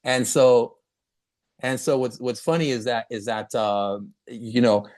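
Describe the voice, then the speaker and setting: A man hosting a casual interview, talking in a halting way with many restarts and quick laughs. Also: mid-range voice, steady tone, darkish tone. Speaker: podcast host.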